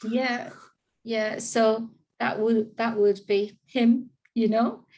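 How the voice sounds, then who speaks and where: A woman's voice: on the high side, fairly even intonation, slow pace, a little mellow. A woman in her fifties with an Irish accent, telling an interviewer about her life as a carer, earnest and emotional. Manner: earnest, emotional, acts out quoted dialogue. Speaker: interview guest, parent carer. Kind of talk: personal storytelling in conversation.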